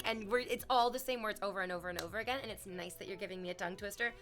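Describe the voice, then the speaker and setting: A woman's voice: medium pitch, racing, hardly any pauses, a bit bright, soft background music. A young woman streaming, chatting casually with her viewers and telling a story with playful quoted voices. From Canada.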